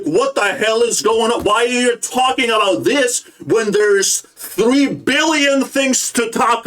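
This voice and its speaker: A man's voice: high-pitched, a bit bright. A young man ranting in agitated, profane reaction commentary on politics.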